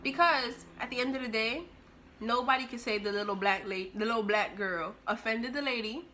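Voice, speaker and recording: A young woman telling a personal story in a casual, animated way, with sudden bursts of loudness. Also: a little high, moderate pace, slight background noise. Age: young adult. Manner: animated, expressive, with big jumps in loudness.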